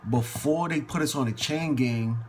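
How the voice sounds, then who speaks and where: At normal speed and in a mid-range voice, a man relates a story casually using profane street slang. He breaks into lively imitations of the people he quotes.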